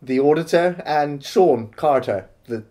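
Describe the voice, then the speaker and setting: A man co-hosting a casual film review, calmly recapping scenes and defending the parts he liked. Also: a little high. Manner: measured, recapping the plot and defending points.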